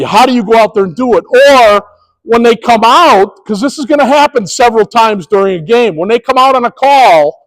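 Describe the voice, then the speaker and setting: A man's voice: high voice, long reverb tail, low-quality recording. A middle-aged man, a former police officer, giving a presentation to sports officials, telling stories and acting out quoted dialogue. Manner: storytelling, animated, acts out quoted dialogue.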